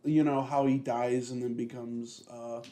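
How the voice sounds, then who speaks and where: A man's voice: medium pitch, little pitch movement, a little slow, dark tone. A man co-hosting a podcast in a casual chat, rambling with plenty of fillers and constant swearing. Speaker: podcast co-host.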